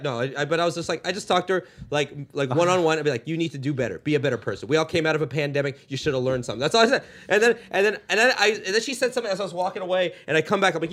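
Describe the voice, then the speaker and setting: Male comic from LA, fast and lively, plays every character in his story. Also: on the high side. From Los Angeles. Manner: animated, acts out voices in his story. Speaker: guest comedian. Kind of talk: casual storytelling chat.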